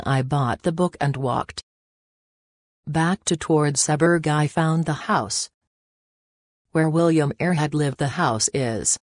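A woman narrating a storybook in a slow, steady reading voice. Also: sits low, no echo, clean studio sound.

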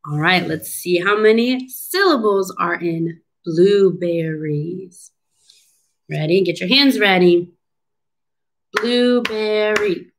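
A woman's voice: fairly low pitch, takes it slowly, slight background noise, low-quality recording. A woman speech clinician leading a children's lesson, drawing out words in an encouraging, sing-song teacher voice. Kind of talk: children's syllable-clapping lesson.

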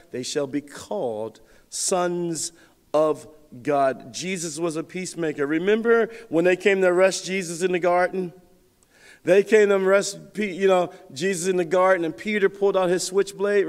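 High-voiced preaching man in a reverberant hall. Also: normal speed. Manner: storytelling, lively swings in pitch and loudness. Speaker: pastor. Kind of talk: sermon.

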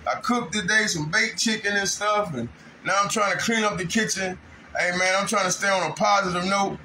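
High, bright-voiced man venting at home, faint background noise. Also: fairly even intonation, a little fast, low-quality recording. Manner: aggrieved, rambling storytelling with raised outbursts. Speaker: vlogger. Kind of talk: casual monologue. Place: home kitchen.

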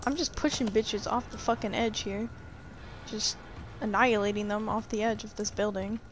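A woman's voice: medium pitch, fairly even intonation, measured pace, pauses often, background noise. A woman streamer giving casual gameplay commentary, chatty, profane and teasing, laughing often.

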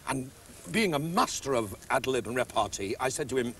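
Lively older man telling stories. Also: mid-range voice, normal speed, recorded from a distance, a little hiss or hum. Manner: lively storyteller, breaks into laughter. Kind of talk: casual anecdote.

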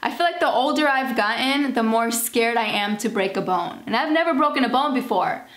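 A young woman in a casual vlog chat, talking quickly and frankly. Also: on the high side, animated, fairly bright tone. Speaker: vlogger. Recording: echoey with background music.

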